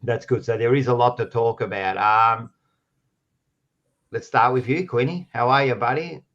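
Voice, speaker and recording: An Australian man hosting a sports podcast, loud and teasing, swearing freely in casual banter. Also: mid-range voice, moderate pace, highs cut off. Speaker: podcast host.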